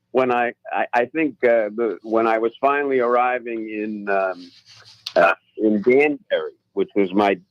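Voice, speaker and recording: Low-voiced man telling flying stories. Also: no room sound, highs cut off. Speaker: pilot guest. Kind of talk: casual radio interview storytelling. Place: radio studio.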